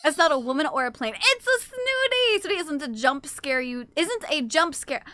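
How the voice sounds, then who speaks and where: A young adult woman streaming live, chatting casually with her chat. She teases and swears and reacts quickly to what chat says. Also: high voice, pushed and bright, dry recording. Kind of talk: casual livestream chat, reading and answering chat.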